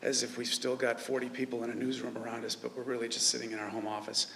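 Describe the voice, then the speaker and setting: A man who runs a news website speaking at a memorial service, halting with many filler pauses. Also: medium pitch, level tone, creaky, fairly bright tone, slight background noise. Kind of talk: memorial tribute speech. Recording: reverberant hall with faint ambience.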